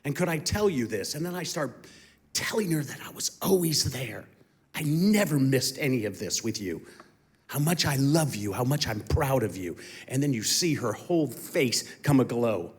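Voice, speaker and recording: A man's voice: mid-range voice, animated, moderate pace. A middle-aged man giving a heartfelt testimony that swells into impassioned emphasis. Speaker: guest speaker giving testimony. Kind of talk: emotional testimony.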